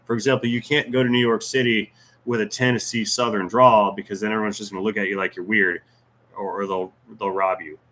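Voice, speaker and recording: A man's voice: lowish voice, little pitch movement, fairly quick, pushed and bright. A man hosting a casual livestream Q&A, reading viewer comments aloud with jokes, teasing and rambling asides. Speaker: YouTube channel host.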